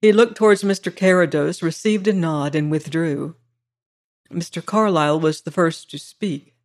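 A steady audiobook voice narrating an old-fashioned story. The reading is measured and even, with a mid-range pitch. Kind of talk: scripted narration of a classic story.

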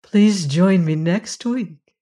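A measured storyteller reads a fairy tale aloud with a gentle, even delivery. The voice sits at a middle pitch, neither high nor low, and slows down for the dramatic moments.

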